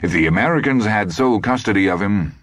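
A man voicing a cold, menacing ex-Nazi in his eighties, speaking in a calm, measured, quietly threatening way. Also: on the low side, dry recording, pitched above the performer's own voice, close to an everyday voice. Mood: coldly reasoning. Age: 80s.

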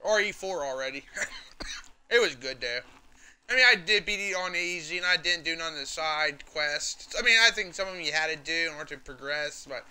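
A man streaming a video game, chatting casually in a rambling, halting way with lots of fillers and restarts. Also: fairly high pitch, pushed and bright, clear, resonant tone. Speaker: gaming livestreamer. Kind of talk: casual gameplay commentary.

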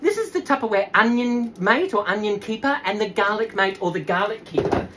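A woman's voice: medium pitch, brisk, a bit bright, slight background noise. A woman, chatty and laughing often as she demonstrates cooking to viewers, now and then breaking into sing-song.

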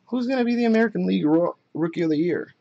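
A young man chatting casually while opening trading card packs on a live break, excited at the hits and muttering asides. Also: high-pitched, very fast, creaky, highs cut off, a little hiss or hum.

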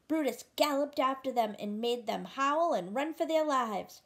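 A woman reading a picture book aloud, gently pausing to ask the listener questions about the story. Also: high-pitched, lively intonation. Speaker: storybook reader.

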